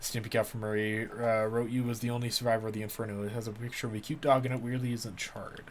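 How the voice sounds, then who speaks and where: Low-voiced male gamer, casual commentary, reads text aloud, joking. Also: little pitch movement, quick pace, slight background noise.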